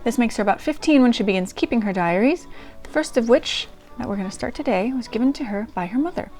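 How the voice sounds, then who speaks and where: A woman's voice: fairly high pitch, lively intonation, quick pace, a little mellow, faint music behind. A woman hosting a diary-reading channel, talking casually to her audience in a chatty, self-deprecating way with frequent ums and restarts. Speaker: channel host reading old diaries. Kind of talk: casual chat to camera.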